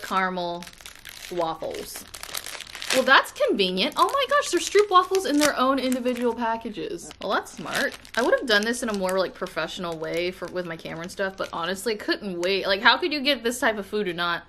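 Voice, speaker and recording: An American woman vlogs from home in a casual, gushing way, breaking into excitable exclamations as she unboxes snacks. Her voice sits at a middling pitch. A faint hiss of noise runs under the recording. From United States. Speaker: vlogger. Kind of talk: casual unboxing and taste-test chat.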